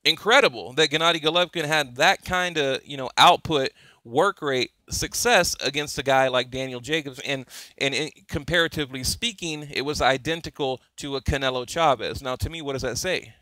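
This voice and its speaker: A man talking casually to his YouTube viewers about boxing, excitable and rambling, full of fillers and restarts. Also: medium pitch, normal speed, no room sound. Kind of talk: casual fan commentary to camera.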